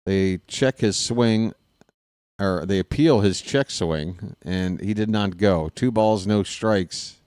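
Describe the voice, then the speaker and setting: A man calling a baseball game on his own stream, chatting casually between pitches and cracking small jokes. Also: slow, a little mellow, clean tone, no room sound, clean studio sound. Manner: casual, self-deprecating, jokey between pitches. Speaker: fan play-by-play broadcaster. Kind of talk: solo baseball play-by-play with chatty asides.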